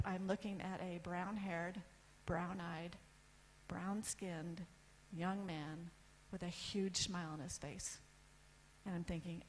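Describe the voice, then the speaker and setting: A woman in her fifties from the United States telling a personal story on stage, candid, with lists and pauses for effect. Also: fairly low pitch, slight background noise, low-quality recording. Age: 50s. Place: event stage.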